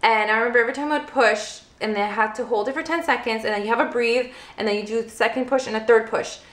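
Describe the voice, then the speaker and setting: Her voice runs on the high side and she talks quickly, with a fairly bright tone. She's a young vlogger and new mother casually sharing a personal story, packed with "like" fillers, in an echoey room.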